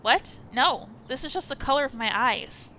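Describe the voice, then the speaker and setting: A woman's voice: sits high, expressive, moderate pace, bright, forceful tone, a little hiss or hum, poor audio. A woman voicing a guarded young androgynous woman who answers curtly and dryly, reading a visual novel aloud.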